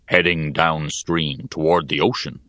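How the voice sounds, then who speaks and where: A man voicing a burly middle-aged male laborer who speaks calmly, slowly and plainly. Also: a bass voice, no room sound, studio quality, full character voice. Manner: calm, slow and plain-spoken. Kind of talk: audiobook character voice.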